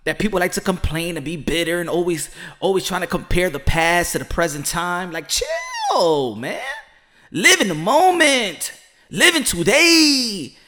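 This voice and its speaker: Brief: animated male podcast host, high and expressive, preaching his point. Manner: animated, preachy, repeats himself for emphasis. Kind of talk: casual monologue.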